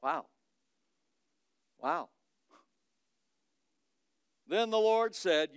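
High-voiced preacher delivering a dramatic sermon. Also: male voice, animated, normal speed, smooth, no echo. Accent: Midwestern American. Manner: dramatic reading of scripture, swinging from loud to hushed. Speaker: pastor.

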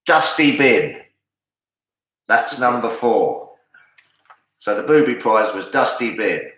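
A man's voice: medium pitch, very animated, fairly bright tone. Jokey Englishman hosting a pub quiz. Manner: jokey, chatty, reads answers slowly. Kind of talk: casual charity quiz hosting. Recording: echoey room.

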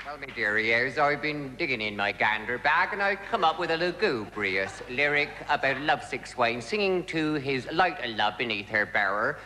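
An actor playing a mock-solemn, bawdy rustic folk singer in a comic radio song, with a slow, drawling, mock-pompous delivery. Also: male voice, medium pitch, expressive, pushed and bright, voice pushed up. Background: music.

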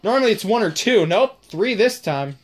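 A woman's voice: medium pitch, lively intonation, moderate pace, a little mellow. A woman giving casual, sweary commentary while playing a zombie game. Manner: casual, swears often, drawls. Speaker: gamer. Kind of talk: gaming commentary.

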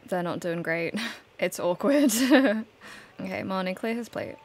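A woman's voice: mid-range voice, lively intonation, slow pace. A woman narrating her gameplay in a casual, chatty, storytelling way. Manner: chatty, storytelling, laughs now and then. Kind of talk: casual let's-play narration.

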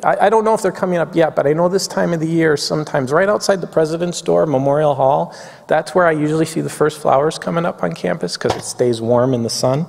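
A man preaching a chapel sermon, reading poetry slowly and reflectively, getting a little weepy. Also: fairly high pitch, creaky, darkish tone. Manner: reflective, reads poetry slowly, tearful at times. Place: campus chapel. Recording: long hall reverb.

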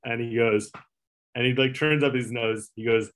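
A man's voice: mid-range voice, steady tone, moderate pace, a bit bright. A middle-aged man, a former late-night segment producer, casually telling a long anecdote with lots of fillers and acted-out quotes. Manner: rambling anecdotal storyteller, many fillers, swearing, acts out quotes. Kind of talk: casual storytelling interview.

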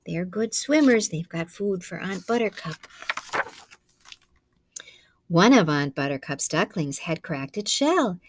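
A woman, a kindergarten teacher, reading a picture book aloud to children in a gentle, coaxing way, asking them questions and dropping to soft whispers. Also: fairly low pitch, animated, slow pace, long pauses, noisy background.

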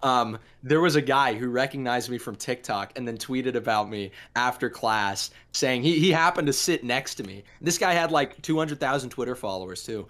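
A man in his twenties, a content creator, telling stories on a call in a relaxed, hesitant way. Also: mid-range voice, normal speed, few pauses. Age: 20s. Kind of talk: casual chat.

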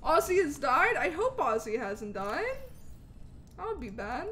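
Excitable woman streamer with hiccups. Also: high voice, measured pace, a little hiss or hum. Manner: excitable, talks to chat, frequent outbursts. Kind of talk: live gameplay commentary.

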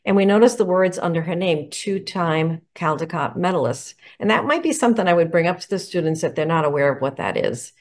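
A woman's voice: lowish voice, animated, fairly quick, few pauses. A woman educator explaining picture book covers to teachers in an enthusiastic, explanatory way. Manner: enthusiastic, explanatory, poses questions. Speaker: educator presenting picture books. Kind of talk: instructional talk to teachers.

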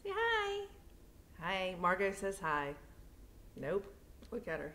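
A young woman teacher chatting playfully with her students, then reading a novel aloud to them in steady narration. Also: fairly low pitch, slow pace, a little hiss or hum.

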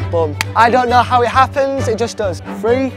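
Young man, high-pitched, playful showman, comic vlog. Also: animated, moderate pace, music in the background. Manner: playful, showman, self-mocking. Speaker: vlogger.

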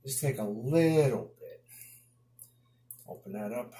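A man's voice: medium pitch, lively intonation, takes it slowly, dark tone. A man from the Bronx with a New York accent, chatting casually through a home DIY job and muttering to himself as he works. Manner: chatty, mutters to himself while working, mild exasperated exclamations. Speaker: DIY YouTuber. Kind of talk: casual DIY video commentary. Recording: echoey room.

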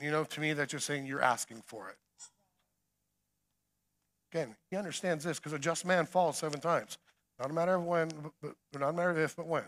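A middle-aged man preaching a sermon, swinging between emphatic calls and quiet storytelling. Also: fairly high pitch. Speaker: guest preacher.

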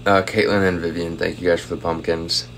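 Young guy on a phone live stream at home, deep low voice, reading comments n thanking ppl for gifts. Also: level tone, fairly quick, gravelly, fairly bright tone, slight background noise. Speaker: livestreamer. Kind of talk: casual livestream chat.

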